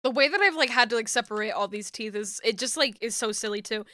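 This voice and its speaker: Giggly woman streamer, bright and dry. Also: a little high, fast, no room sound. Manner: giggly, laughs often, swears casually. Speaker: streamer and 3D rigger. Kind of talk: casual live-stream chat while working.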